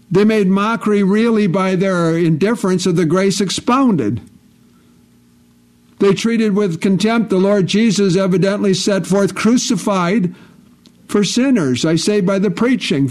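High-pitched guy preaching hard, keeps repeating himself, quotes scripture a lot. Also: darkish tone. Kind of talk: sermon.

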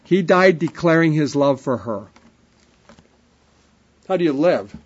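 A man preaching an emphatic sermon, repeating refrains, with his voice swelling up and dropping to a hush. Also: on the high side, lively intonation, a little slow, husky. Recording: dull lo-fi sermon recording.

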